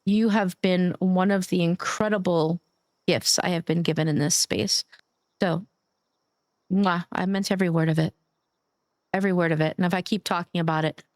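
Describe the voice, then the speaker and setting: A woman's voice: fairly low pitch, steady tone, moderate pace, no echo, studio quality. A woman streamer chatting casually while gaming, affectionate and gushing, cursing now and then.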